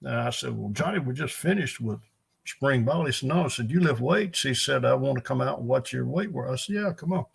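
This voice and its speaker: An older man with a gravelly, fry-edged voice spins folksy coaching stories, chuckling as he goes. His delivery wanders through asides and restarts, plain and unhurried. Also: mid-range voice, animated. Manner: folksy, rambling anecdotes with chuckles. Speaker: guest, NFL strength and conditioning coach. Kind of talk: storytelling interview.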